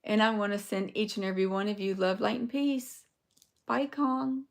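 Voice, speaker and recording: A woman's voice: mid-range voice, fairly quick. A woman talking casually to viewers on a live stream, rambling through a story and losing her voice.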